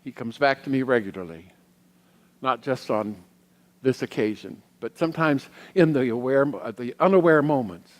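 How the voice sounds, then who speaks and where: A middle-aged male minister preaching with a mid-range voice, reflective and unhurried, pausing as he shares personal stories. His words ring out with a long reverb, as in a large church sanctuary. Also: mid-range voice. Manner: reflective, personal storytelling with pauses. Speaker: guest minister. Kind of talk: sermon.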